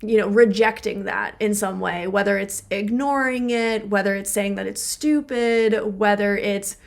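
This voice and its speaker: A woman's voice: medium pitch, steady tone, a little slow, vocal fry. A woman co-hosting a relationship podcast as a therapist, explaining ideas through everyday examples with lots of filler words. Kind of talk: casual podcast conversation.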